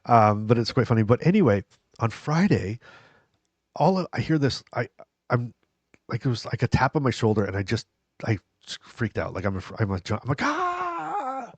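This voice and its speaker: A man's voice: medium pitch, lively intonation, moderate pace, no room sound, muffled recording. Rambling, laughing man in casual chat. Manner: rambling storyteller who laughs often. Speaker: podcast co-host. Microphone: headphones and studio mic.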